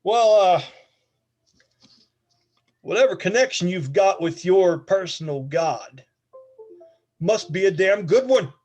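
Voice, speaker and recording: A man voicing a big, strong older male warrior who talks in a loud, hearty, folksy way in a tabletop game. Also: sits high, lively intonation, slow, pauses often. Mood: approving.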